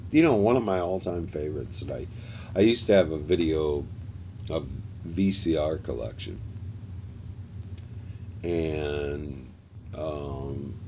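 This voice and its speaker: Older male streamer, deep and slow, rambling and chuckly; faint noise in the room. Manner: rambling, laughs often, talks to chat by name. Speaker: livestream host. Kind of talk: casual chat with viewers.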